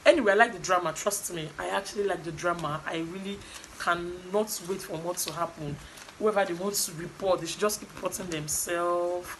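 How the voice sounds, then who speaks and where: A woman's voice: on the low side, fairly quick, slight background noise, low-quality recording. A young adult woman with a Nigerian accent, animatedly recapping a reality show in casual gossip style. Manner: animated, chatty storytelling with asides.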